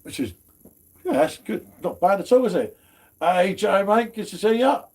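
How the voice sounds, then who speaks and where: A man's voice: high-pitched, lively intonation, moderate pace, creaky, a little mellow. A man hosting a casual beer chat stream, slangy and chatty. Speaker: host of a beer review stream.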